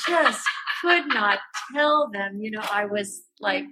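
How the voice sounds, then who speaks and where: A woman with a husky, breathy voice tells stories in an interview. She is animated and self-mocking, keeps restarting her sentences, and slips into the voices of the people she describes. Her voice sits at an ordinary middle pitch. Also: takes it slowly, rough recording. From American Midwest. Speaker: artist recalling her early work. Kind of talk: storytelling interview answers.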